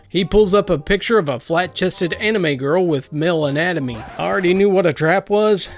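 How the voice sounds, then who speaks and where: A man narrating a first-person story aloud in a steady, lightly wry reading. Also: sits high.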